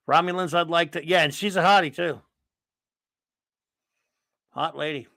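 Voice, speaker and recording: A man's voice: on the high side, steady tone, slow pace, vocal fry, sharp tone, no room sound. A man hosting a casual live stream, rambling and sarcastic as he greets viewers and rants. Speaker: host of a live stream chat.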